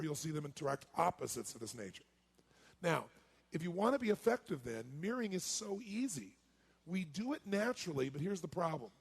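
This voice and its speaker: A man giving a live seminar talk as a motivational speaker, energetic and quizzing his audience. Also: on the high side. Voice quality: raspy, gravelly.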